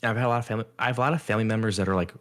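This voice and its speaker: A young man with a lowish voice talks loosely on a podcast, piling up fillers as he tells stories. He mimics the voices of people he complains about. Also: steady tone, rapid-fire, a bit bright. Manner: rambling, filler-heavy storytelling with mocking quoted voices. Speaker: podcast co-host. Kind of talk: casual chat.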